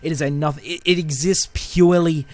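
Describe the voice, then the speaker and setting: A man's voice: on the high side, fairly even intonation, normal speed, no echo. A man hosting a film podcast, ranting casually about bad movies with lots of swearing, fillers and restarts. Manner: profane, rambling, heated, with many fillers and restarts. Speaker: podcast host. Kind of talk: casual film-review rant.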